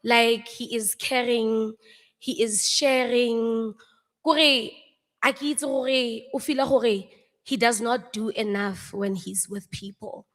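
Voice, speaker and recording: A woman's voice: on the high side, fairly even intonation, slow, fairly bright tone. A young South African woman, an actress, telling personal stories as she pays tribute at a memorial service. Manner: anecdotal storytelling, often laughing. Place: large theatre stage. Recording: long reverb of a theatre hall.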